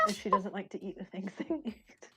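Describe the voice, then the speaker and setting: Excitable giggly woman chatting. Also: medium pitch, measured pace, breathy edge, faint music behind. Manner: laughing, excitable. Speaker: improv partner. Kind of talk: casual chat.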